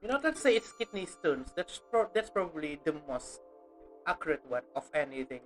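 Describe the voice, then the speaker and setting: A woman's voice: sits low, very animated, a little fast, soft background music, rough recording. A woman streamer chatting casually to her viewers while playing a game, giggly and informal. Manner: chatty, giggly, talks to chat as lads. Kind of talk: casual gameplay commentary.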